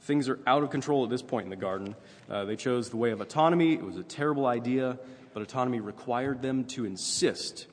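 A man's voice: medium pitch, a little fast, hardly any pauses. A man preaching a sermon in a conversational way, often checking in with "right?" as he goes. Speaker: pastor. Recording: long reverb, faint ambient noise.

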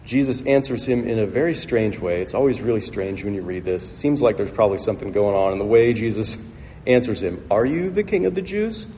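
A man's voice: fairly low pitch, fairly quick, warm tone. A male pastor preaching a sermon with emphatic, repetitive rhetorical phrasing, recorded in a church hall. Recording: long hall reverb, faint noise.

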